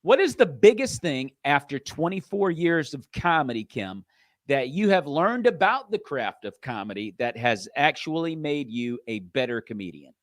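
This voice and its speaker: A man hosting an interview, enthusiastic and quick to agree with his guest. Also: fairly high pitch, very animated. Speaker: talk show host. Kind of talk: casual interview chat.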